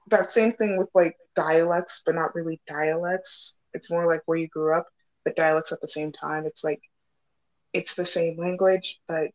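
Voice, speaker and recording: A woman's voice: low-pitched, darkish tone, low-quality recording. Giggly, rambling woman hosting a casual chat. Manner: rambling, giggly, lots of fillers. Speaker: host.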